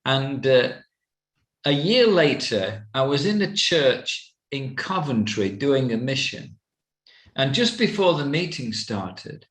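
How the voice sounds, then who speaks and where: An older man giving a personal testimony as an evangelist, slow and halting, with many fillers. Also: mid-range voice, fairly bright tone. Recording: roomy echo.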